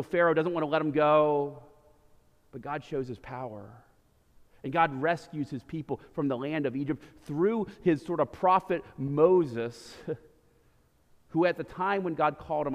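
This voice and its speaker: High-voiced preaching man in a reverberant church. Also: highs cut off. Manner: animated preaching, swinging from loud emphasis to quiet low lines. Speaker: pastor. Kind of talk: sermon. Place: church sanctuary.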